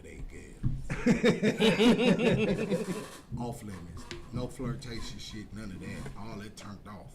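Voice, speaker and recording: A man telling a long story in a casual chat, animated and profane, jumping from loud bursts to hushed asides. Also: medium pitch, takes it slowly, pauses often, crowd noise. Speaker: podcast guest telling a story.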